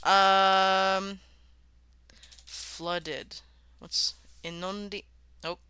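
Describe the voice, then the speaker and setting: Woman streamer, unhurried delivery, talky, cursing and laughing, dry sound. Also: mid-range voice, level tone, sharp tone, clear, resonant tone, no room sound. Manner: chatty, swears freely, laughs often, sounds out words. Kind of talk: casual live-stream chat while worldbuilding.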